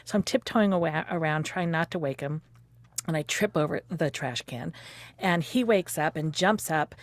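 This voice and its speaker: Fifties woman telling a love story, lively, laughy, lowish voice, dry close mic. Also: moderate pace, no echo. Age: 50s. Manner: animated, laughs often, acts out quotes. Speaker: interviewee recounting her courtship. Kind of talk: personal storytelling conversation.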